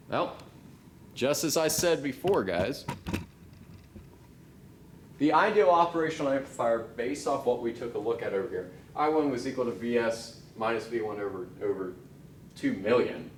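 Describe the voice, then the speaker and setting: A man lecturing on circuit theory in a relaxed, offhand way, talking himself through each step. His voice sits back from the microphone in a reverberant room, with a faint hum of ambience underneath. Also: mid-range voice, recorded from a distance. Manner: casual, thinking aloud with restarts and asides. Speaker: engineering lecturer. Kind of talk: recorded technical lecture. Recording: echoey room, off-mic.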